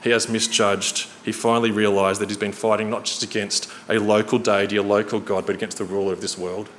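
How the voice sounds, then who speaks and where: Earnest low-voiced man preaching in hall. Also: flat delivery, a little fast. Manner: earnest, storytelling, varies pace for emphasis. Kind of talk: sermon. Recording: reverberant hall, faint noise.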